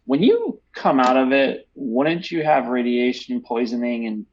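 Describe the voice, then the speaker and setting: A man's voice: medium pitch, very animated, unhurried. A man co-hosting a pop culture podcast, rambling casually with hesitations and filler words. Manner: rambling, hesitant, laughs while talking. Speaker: podcast co-host. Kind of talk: casual chat. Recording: dull lo-fi sound.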